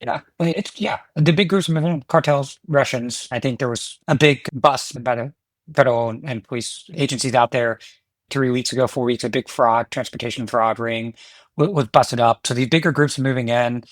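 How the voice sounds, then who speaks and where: A man with a mid-range voice speaks as an executive guest on a podcast. He explains in a steady, conversational way and often checks in with a quick "right?". The recording is dry and close. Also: mid-range voice, no echo. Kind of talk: podcast interview.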